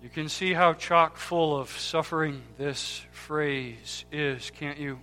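A man preaching a sermon with impassioned swings between loud cries and hushed, near-whispered words, repeating key words for emphasis. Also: a little high, fairly even intonation, slow pace. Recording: long hall reverb with faint music.

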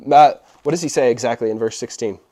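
A man's voice: mid-range voice, quick pace, mellow. A young man preaching a casual sermon, checking in with his listeners often as he explains. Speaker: pastor. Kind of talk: conversational sermon.

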